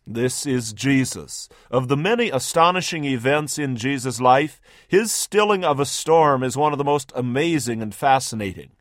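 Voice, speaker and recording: A man's voice: mid-range voice, animated, moderate pace, few pauses, dry recording, clean studio sound. Male radio preacher telling a story. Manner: vivid storytelling, second-person, emphatic. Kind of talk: dramatic scripted sermon narration.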